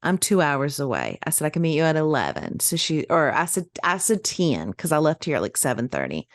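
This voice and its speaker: A middle-aged woman, co-hosting a podcast and telling a story in casual chat, animated and laughing as she acts out the voices she quotes. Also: deep voice, a little fast, no echo. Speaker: podcast co-host.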